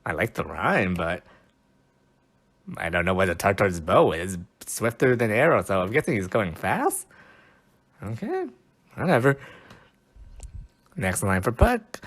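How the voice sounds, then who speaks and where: A man's voice: on the low side, sing-song, unhurried, pauses often, a bit bright. A man hosting a casual podcast, bemused and poking fun at himself as he talks. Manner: bemused, self-mocking, laughs at himself. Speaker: podcast host.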